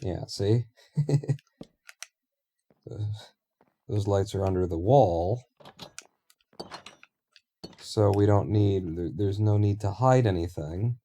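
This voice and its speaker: Dark-voiced man thinking aloud. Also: on the low side, takes it slowly, pauses often, a little hiss or hum. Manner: rambling, thinks aloud, swears casually. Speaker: streamer. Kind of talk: casual live-stream commentary while building in a game.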